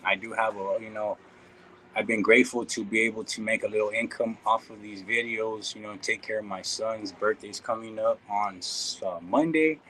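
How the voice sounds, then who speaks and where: A fairly low-pitched man with a sharp tone, from the Inland Empire in California, talks laid-back to his YouTube viewers in casual vlog style, peppering in slang and calling them "dog" and "homie." The rough recording has a little hiss or hum.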